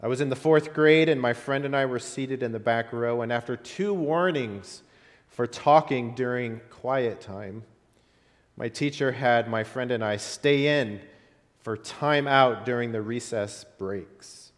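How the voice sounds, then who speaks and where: A man's voice: mid-range voice, a little slow. A man preaching a sermon as pastor, telling stories with rising and falling emphasis. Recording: long hall reverb.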